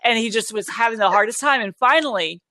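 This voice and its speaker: A woman hosting a casual online chat, her voice set fairly high and full of animated storytelling. She laughs easily between her stories. The sound is close and dry, with no room around it. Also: fast talker, no echo. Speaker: host of an online speakers' show.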